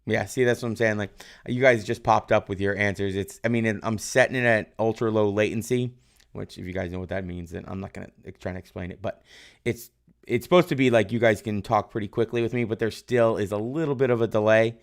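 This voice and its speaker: A man's voice: on the low side, fairly even intonation, fairly quick. A man teaching a live-streamed exam review lesson, loosely quizzing his viewers and praising their answers. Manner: loose, rambling, tag questions like "right?". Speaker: history teacher.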